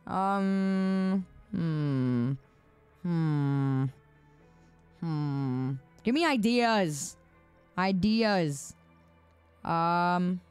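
A young woman in her twenties banters on a live stream in a lowish voice that swings widely in pitch. She teases and laughs often in relaxed, casual chat. Faint music sits behind her. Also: smooth. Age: 20s. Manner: playful, teasing banter, quick to laugh.

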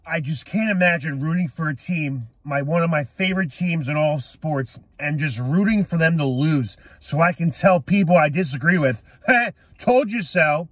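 Young guy ranting mad about his team, yells a lot, high pitched, dry close mic. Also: normal speed, few pauses, slightly rough, no echo. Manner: angry, shouting, swearing. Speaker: sports fan vlogger. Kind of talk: profane rant to camera.

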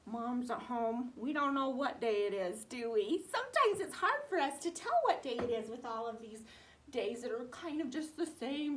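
A woman's voice: on the high side, animated, moderate pace. A woman teaching preschoolers in a sing-song, exaggerated voice made for small children. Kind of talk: teaching preschoolers over video.

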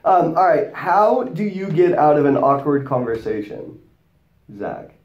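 A man hosting a casual group chat, jokey and animated, laughing often. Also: a little high, measured pace, dull audio. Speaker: host. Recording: echoey room.

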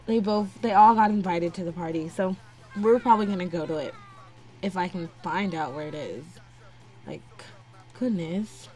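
Over faint game music, a young gameplay narrator with a darkish, low-leaning voice gives casual let's-play commentary at a moderate pace, talking to her in-game characters as she plays.

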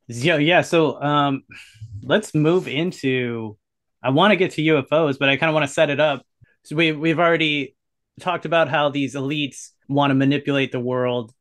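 A man hosting a podcast interview, talking casually and in a relaxed way as he sets up the next topic. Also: medium pitch. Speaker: podcast host.

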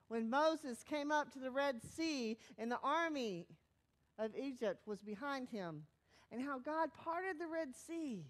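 A woman pastor with a high, light voice preaches a sermon. She talks in a loose, conversational way, growing animated and then dropping to a hushed, soft delivery.

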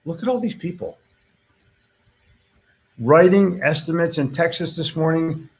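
A man's voice: fairly high pitch, a little slow, a little mellow. A man hosting a casual live stream, reading viewer comments aloud and reacting to them in a blunt, chatty way with casual swearing.

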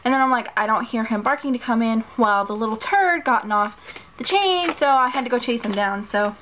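A woman's voice: fairly high pitch, brisk, a bit bright, slight background noise. A woman vlogger chatting casually and gushing as she unboxes a package of makeup, a little out of breath. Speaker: beauty vlogger. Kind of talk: casual haul unboxing chat.

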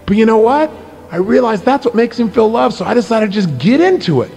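Gravelly, animated middle-aged man. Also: sits high, fairly quick, faint music behind. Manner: animated storytelling, swinging from excited to hushed and earnest. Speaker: motivational speaker. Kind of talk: motivational talk with personal stories.

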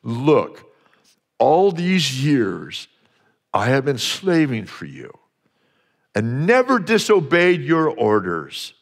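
A man's voice: mid-range voice, huge pitch swings, takes it slowly, long pauses, long reverb tail, heavily acted. A man voicing a resentful older brother who complains indignantly that he has slaved for years.

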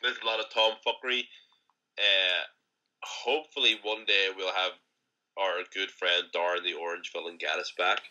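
A man's voice: sits low, fairly even intonation, normal speed, sharp tone. A young man co-hosting a podcast, rambling and teasing in casual banter and swearing freely. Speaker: podcast co-host. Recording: dull lo-fi podcast audio.

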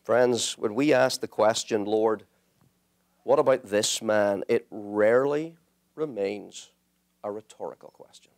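A man's voice: lowish voice, a little slow, darkish tone. A man preaching a sermon, emphatic and building to impassioned peaks.

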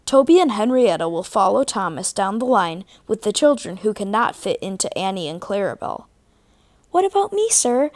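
A woman reading a children's storybook aloud in a clear, even manner. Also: mid-range voice, a little fast, hardly any pauses. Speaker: storybook reader.

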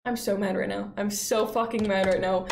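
A young woman streaming a game, chatting with her viewers in an excitable, exclamatory way with lots of swearing. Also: medium pitch, normal speed, gravelly, roomy sound, noisy background. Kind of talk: casual live-stream gameplay commentary.

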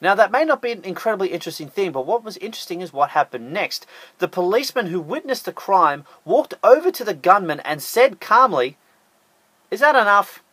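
A man's voice: sits high, very animated, fairly quick, a bit bright, dry recording. An Australian man narrating a scripted top-ten list with sarcastic, jokey asides.

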